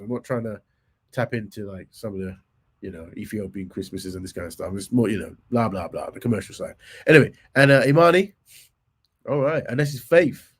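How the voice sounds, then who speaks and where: A man, hoarse from a cold, talks his way through a livestream with an average-pitched voice. He chats loosely, mutters asides and lets his sentences trail off. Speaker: livestream host. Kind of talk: casual live commentary.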